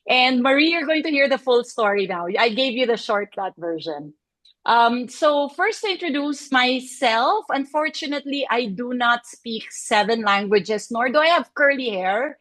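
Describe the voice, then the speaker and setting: A woman, a senior consultant presenting a case study over a video call. She talks in a chatty, animated way with frequent fillers. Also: on the high side, measured pace. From Philippines. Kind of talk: online presentation.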